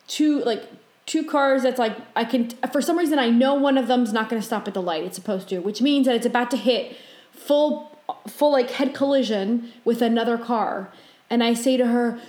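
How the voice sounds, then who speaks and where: A woman co-hosting a podcast, telling a dream story in casual chat and acting out her own panicked lines. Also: roomy sound. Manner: animated retelling, voices her own panicked quotes high and fast. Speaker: podcast co-host.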